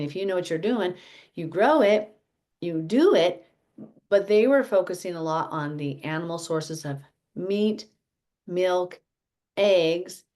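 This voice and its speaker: A woman's voice: on the low side, darkish tone. A woman leading a casual health teaching chat for her fellowship group, rambling and correcting herself as she goes. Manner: rambling, self-correcting, chatty.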